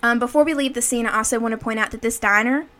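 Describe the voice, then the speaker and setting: Bright, chatty woman recapping a movie. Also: a little high, fast. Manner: chatty, filler-heavy retelling with acted quotes. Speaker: podcast co-host. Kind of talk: casual movie recap chat.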